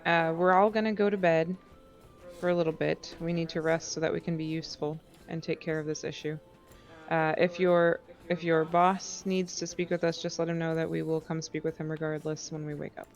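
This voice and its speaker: A woman playing a tabletop game, calmly describing her character's actions. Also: low voice, a little fast, highs cut off, soft background music. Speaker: player. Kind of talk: tabletop role-play.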